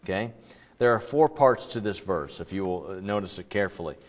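A man's voice: low-pitched, animated, brisk. Man preaching in a chatty, rambling way. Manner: conversational, digressive, breaks into loud acted quotes. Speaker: pastor. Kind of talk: sermon.

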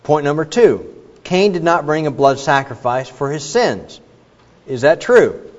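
A man preaching a sermon in an animated, questioning manner, with asides to the congregation. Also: a little high, measured pace. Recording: dull recording with long hall reverb.

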